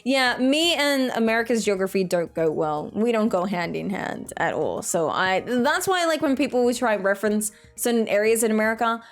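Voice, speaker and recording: A woman's voice: on the high side, animated, moderate pace, hardly any pauses. A woman, chatting casually with her chat while gaming, reading messages aloud and laughing often. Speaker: streamer.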